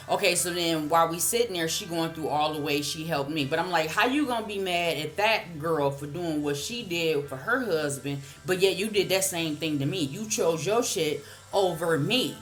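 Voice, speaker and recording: A woman with a fairly low-pitched voice tells a storytime monologue in a casual, blunt way, swearing freely. Faint music plays under her talk. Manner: blunt, profane, heated retelling. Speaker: vlogger telling a story.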